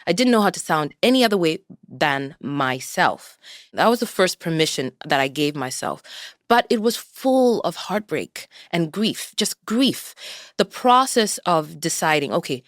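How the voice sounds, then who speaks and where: An actress from Kenya with a mixed Kenyan and American accent, talking thoughtfully and candidly as a podcast guest. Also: female voice, on the low side, lively intonation, a little slow, no echo, clean studio sound. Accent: mix of Kenyan and American. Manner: thoughtful and candid, laughs often. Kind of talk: podcast conversation.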